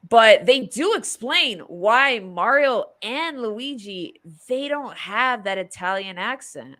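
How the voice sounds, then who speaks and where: Bright-voiced woman chatting about a movie. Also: a little high, animated, slow. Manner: chatty, rambling, laughs often. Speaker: podcast host. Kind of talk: casual movie review chat.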